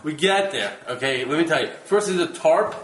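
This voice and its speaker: A man casually telling the story of his trip, animated and laughing, acting out his own exclamations. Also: on the high side, brisk, reverberant, poor audio. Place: rented room.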